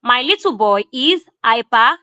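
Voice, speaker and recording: A woman with a Nigerian English accent teaching an online grammar lesson, repeating key phrases slowly for emphasis. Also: a little high, lively intonation, pushed and bright, dry recording, muffled recording.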